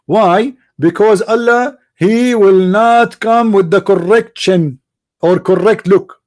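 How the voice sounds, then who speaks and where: A religious debate streamer with a high-pitched, slow, somewhat dark voice mocks his opponents on a live stream, sarcastically taunting them as he speaks to them directly. There's no room sound.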